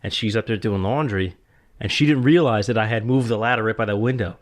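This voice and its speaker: A man's voice: on the low side, fast. Male podcast host, casual chatty storyteller, frequent laughter. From US Northeast. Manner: rambling storyteller, laughs often, lots of "like". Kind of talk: casual chat.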